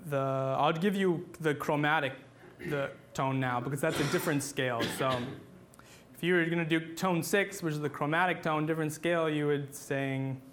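A man's voice: on the high side, normal speed, fairly bright tone, a little hiss or hum. A man teaching a class on church chant, talking patiently with many fillers and restarts, and singing short examples.

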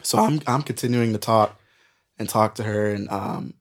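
A man guest on a podcast, telling a wild story in an animated, profane way and laughing at it. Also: fairly low pitch, moderate pace. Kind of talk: casual storytelling.

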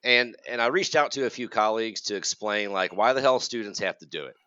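This forties-aged American podcast co-host, who works as a college counselor, rants with sarcasm and exasperation. The lowish voice is brisk, bright, forceful, and smooth, with no echo but somewhat dull audio.

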